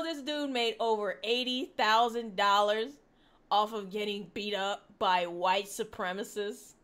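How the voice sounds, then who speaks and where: Slow, sarcastic woman commentator. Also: mid-range voice, fairly even intonation, fairly bright tone. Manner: sarcastic and mocking, laughs often. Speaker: online commentator. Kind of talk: casual commentary reacting to posts.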